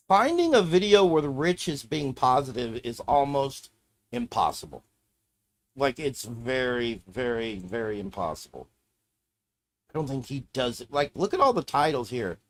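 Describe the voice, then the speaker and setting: Male streamer, casual profane rant, lively swinging pitch. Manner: profane, ranting, muttering to himself while browsing. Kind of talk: casual live-stream commentary.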